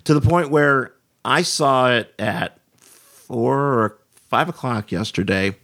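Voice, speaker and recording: Young man, podcast guest, rambling, stumbling restarts, mid-pitched voice. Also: slow, fairly bright tone. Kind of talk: casual film chat.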